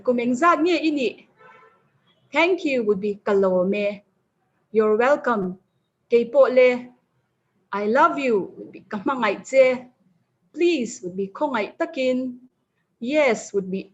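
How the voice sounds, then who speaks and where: Woman teaching words slowly. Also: on the high side. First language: Mizo. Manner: slow, careful, repeats example words. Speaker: webinar resource person. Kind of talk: lecture teaching vocabulary with slides. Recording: muffled online webinar audio.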